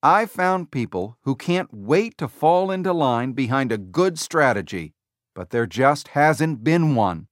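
A confident tech executive speaking to a keynote crowd, as a male narrator quotes him. The words come deliberate and slow, with weight on each phrase. The recording is close and dry. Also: medium pitch, animated, no room sound, natural voice. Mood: emphatic. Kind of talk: quoted speech within audiobook narration.

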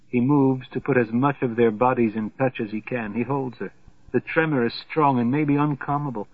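A man narrating a literary novel as an audiobook in a measured voice that grows hushed in somber passages. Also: mid-range voice, no echo. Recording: tinny phone-like sound, dry.

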